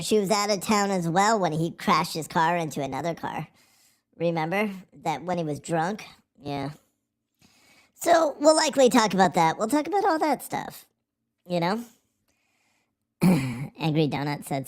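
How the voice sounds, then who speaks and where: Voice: mid-range voice, very animated, measured pace, long pauses. Goofy streamer in a silly put-on voice. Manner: profane, rambling, goofy. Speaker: livestream host. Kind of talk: casual livestream chat.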